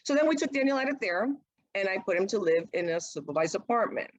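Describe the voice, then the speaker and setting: A middle-aged mother of an autistic son, appearing as a guest in a casual interview, tells her story in a mid-range voice at a quick pace. She is animated and acts out what others said, and the audio is poor with no echo.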